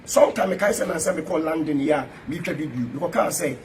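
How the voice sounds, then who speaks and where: A man's voice: fairly high pitch, fast talker, slight background noise, rough recording. A Ghanaian-accented man, a pastor, giving an emphatic rebuttal to camera with chanted, repeated parallel phrases.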